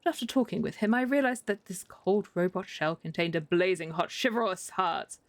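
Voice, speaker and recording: A woman's voice: lowish voice, expressive, fairly quick, no echo. A British woman reading the flowery, earnest lines of a chivalrous male knight from a game.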